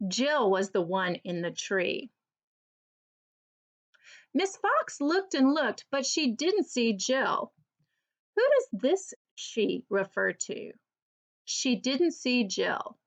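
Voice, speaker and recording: A woman teacher giving an early reading lesson for children, slowly and clearly sounding out each word. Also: fairly high pitch, sing-song.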